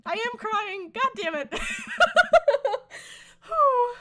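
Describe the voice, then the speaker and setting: A woman's voice: extremely high pitch, big pitch swings, extremely slow, a bit bright, soft background music. A woman streaming a game live, talking to her chat in a giggly, emotional way.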